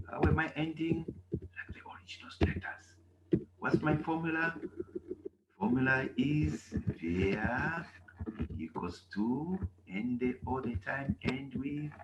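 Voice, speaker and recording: A man teaching a German language class, explaining slowly with drawn-out, repeated examples. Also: mid-range voice, roomy sound, muffled recording, heavy background noise. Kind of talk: classroom lesson.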